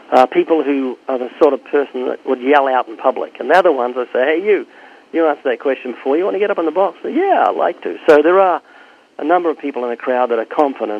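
An older man with a gravelly, slightly high voice tells stories about his street preaching in an interview. He acts out both sides of his conversations with people. The sound is thin and narrow, like a phone line. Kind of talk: interview answers, storytelling.

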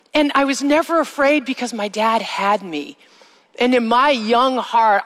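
A middle-aged woman sharing a personal testimony with an audience, speaking slowly and emphatically and drawing out her phrases. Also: mid-range voice, a bit bright. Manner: slow, emphatic storytelling with drawn-out phrases. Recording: long reverb of a large hall.

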